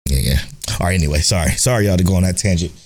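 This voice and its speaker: A young man co-hosting a casual podcast, animated and swearing freely as he chats. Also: deep voice, racing, husky. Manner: animated, swearing, laughing, self-mocking. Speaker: podcast co-host. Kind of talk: casual chat.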